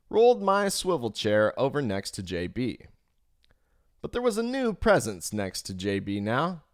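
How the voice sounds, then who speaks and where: A man reading an audiobook aloud expressively, swinging his pitch for emphasis, on a home microphone. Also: no echo, clean studio sound. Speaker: audiobook reader. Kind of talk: audiobook narration. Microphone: home microphone, live stream.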